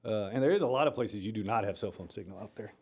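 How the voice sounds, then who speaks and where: Male podcast co-host, relaxed storyteller, lowers voice for serious moments. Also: fast talker, slightly rough. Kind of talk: casual chat, storytelling.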